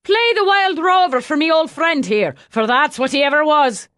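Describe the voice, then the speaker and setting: A big, hearty barkeep with a roaring, teasing manner, as a woman narrator puts him on. His voice leaps high and loud in an audiobook read in a dry, close room. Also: sing-song, unhurried, dry recording, exaggerated voice. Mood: roaring, boisterous. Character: boisterous burly Irish pub owner man. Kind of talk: audiobook character voice.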